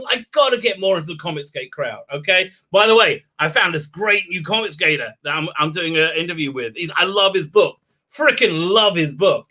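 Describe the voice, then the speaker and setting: Excitable guy rambling on a live stream, high voice that jumps all over, really bright and sharp. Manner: rambling, excitable, laughs often. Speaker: livestream host; rabbi. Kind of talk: casual live-stream chat reading viewer comments.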